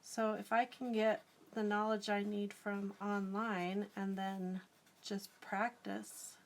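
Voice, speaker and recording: A middle-aged woman artist chats casually on a live stream while she draws, answering viewer comments and giggling often. Her voice is medium in pitch, level in tone, and slow-paced.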